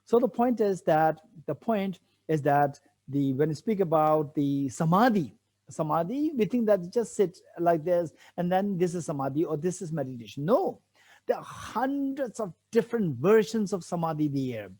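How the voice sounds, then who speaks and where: Man, Buddhist teacher, fairly high voice, soft mellow tone, repeats key phrases, rhetorical questions. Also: animated, normal speed. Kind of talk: teaching a sutra commentary.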